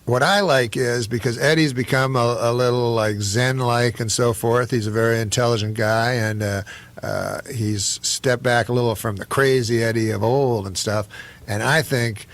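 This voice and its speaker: Guy chatting loose, gravelly mid voice, keeps restarting his thoughts. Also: mid-range voice, fairly even intonation, fairly bright tone. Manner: rambling, halting, restarts sentences. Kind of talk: casual chat.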